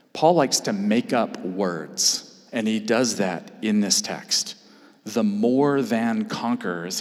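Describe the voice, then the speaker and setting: A man preaching a sermon in earnest, building to emphatic peaks. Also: fairly low pitch. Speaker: pastor. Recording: long hall reverb.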